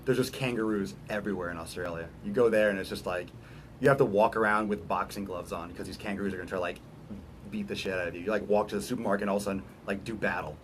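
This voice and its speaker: Blunt, low-voiced male fitness coach. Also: rapid-fire, slight background noise. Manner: blunt and profane, with lively joking asides. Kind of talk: casual livestream chat answering viewer questions.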